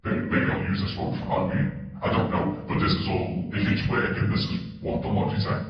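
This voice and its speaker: A man's voice: low-pitched, little pitch movement, a little fast, heavy reverb, far from the mic, lo-fi sound, faint music behind. A man speaking through a demon voice-changer filter, unsure whether it is working. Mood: testing.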